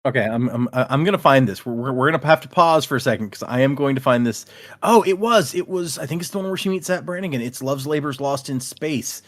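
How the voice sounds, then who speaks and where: A man's voice: mid-range voice, lively intonation, fast, a bit bright. A man hosting a podcast, chatting casually and reading listener emails aloud. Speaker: podcast host. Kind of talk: casual chat.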